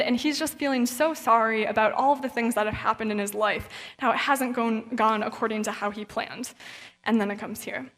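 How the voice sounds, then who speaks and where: A woman's voice: on the high side, fairly even intonation, fairly quick, a bit bright. A woman author giving an earnest, encouraging faith talk in a casual conversational way at a young-adult event. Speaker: guest speaker and author. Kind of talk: inspirational faith talk with a read-aloud story. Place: event hall. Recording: long reverb of a large hall.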